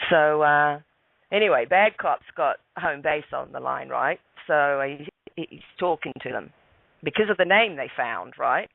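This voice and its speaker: A man, a guest calmly telling a personal story, repeating words as he goes. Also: a little high, unhurried, gravelly, no echo. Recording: phone line, dry.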